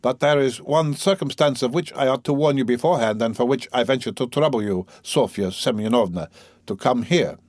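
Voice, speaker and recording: A man reading the part of a pompous, calculating middle-aged gentleman in a measured, self-important way. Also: mid-range voice, no room sound, clean studio sound, natural voice.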